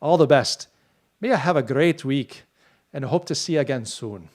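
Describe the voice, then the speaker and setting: A man reading a viewer's chat message aloud in an exaggerated, deliberately bad put-on Irish accent. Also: mid-range voice, animated, darkish tone, natural voice. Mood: cheery. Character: cheery Irishman chatting from Ireland.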